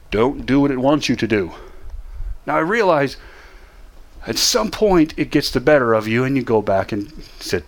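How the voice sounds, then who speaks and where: A man teaching how to manage depression, talking straight to the listener with emphatic, repeated short commands. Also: a little high. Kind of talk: motivational teaching talk.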